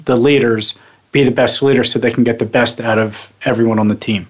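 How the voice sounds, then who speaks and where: Man, radio talk host, stumbling questions, middle pitch, muffled lo-fi audio. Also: steady tone, fairly quick. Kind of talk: radio interview. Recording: slightly dull, lo-fi sound.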